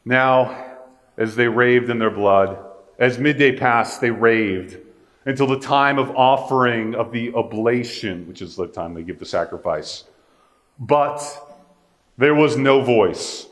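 A man preaching a sermon in a casual, conversational way with joking asides. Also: medium pitch.

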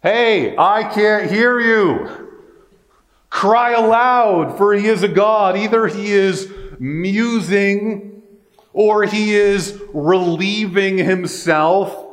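A man voicing a prophet who loudly taunts his rivals in drawn-out words. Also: sits high, big-room sound, pitched above the performer's own voice. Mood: mocking.

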